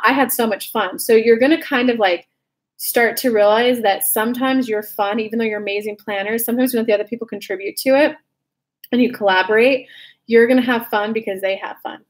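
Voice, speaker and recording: Young woman, from California, somewhat high voice, chatty, upbeat, casual card reading. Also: a little fast. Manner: chatty and upbeat, laughs at her own slips. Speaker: intuitive card reader.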